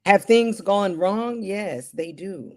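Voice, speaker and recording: A middle-aged woman who works as a television broadcast journalist speaks in an interview, earnest and emphatic, repeating her key points. Her voice is medium-pitched and a little mellow, and she takes her time.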